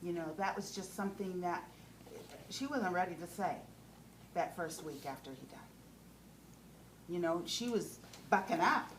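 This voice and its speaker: A woman's voice: fairly low pitch, lively intonation, measured pace, long pauses. A woman teaching a class on compassionate listening, often checking in with "okay?" and putting questions to the group. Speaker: trainer. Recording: roomy sound from a distant mic with faint background noise.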